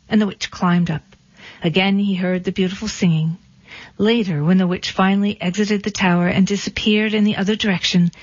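Female narrator, dry deadpan storybook read, muffled lo-fi audio, no room sound. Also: medium pitch, no room sound. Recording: dull lo-fi recording.

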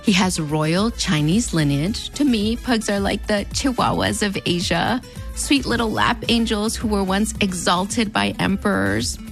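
A woman's voice: medium pitch, a little slow, soft background music. Wry woman with a fronterizo accent. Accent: fronterizo Mexican border Spanish-influenced English. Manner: wry, conversational, playfully sarcastic asides. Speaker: video essay host. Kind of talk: scripted narration.

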